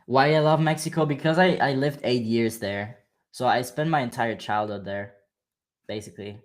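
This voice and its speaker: A man's voice: medium pitch, normal speed. A man with a German accent hosting a trading livestream, chatting casually and hyping viewers, calling them bro. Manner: hyped and slangy, calls viewers bro.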